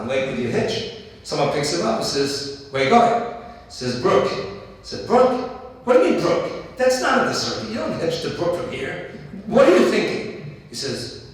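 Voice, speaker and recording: A middle-aged man with a high voice addresses a dinner crowd. He tells stories earnestly and leans on repeated phrases for emphasis. He sounds far from the mic, with a long echo from a big hall. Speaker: dinner speaker. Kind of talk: inspirational speech with personal stories. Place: large banquet hall.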